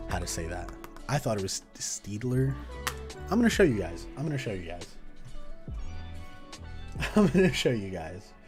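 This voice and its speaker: Chatty young man, low voice, music behind. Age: 20s. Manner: chatty and playful, often laughing at himself. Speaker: journaling video host. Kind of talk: casual live chat while journaling. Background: background music.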